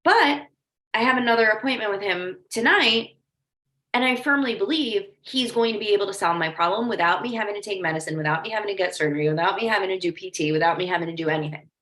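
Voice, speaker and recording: A woman life coach teaching in a loose, conversational way, peppering her talk with "like" and little asides. Her voice is bright and forward, and the room around her rings with a noticeable echo. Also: medium pitch, fast. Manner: chatty, lots of "like", storytelling asides. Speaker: life coach leading a training. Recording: echoey room.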